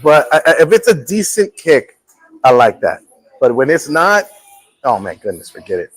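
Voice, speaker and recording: A man's voice: fairly high pitch, moderate pace, faint music behind. A middle-aged man hosting a live show, chatting casually and joking, often repeating his words. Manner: jokey, animated, repeats words. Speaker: host.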